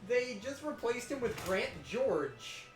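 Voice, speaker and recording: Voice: medium pitch, big pitch swings, slow pace. A speaker chatting casually while playing a video game, explaining game trivia and trailing off mid-thought. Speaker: let's play co-host. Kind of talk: casual gaming chat. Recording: roomy sound with game music.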